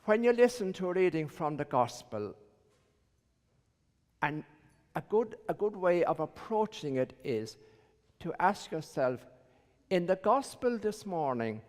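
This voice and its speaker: A priest preaches slowly, mixing dry humor into his homily and pausing often over his words. A long church reverb hangs on every phrase. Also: fairly high pitch, a little mellow. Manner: wry, joke-telling, hesitant with fillers. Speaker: visiting priest. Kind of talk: sermon.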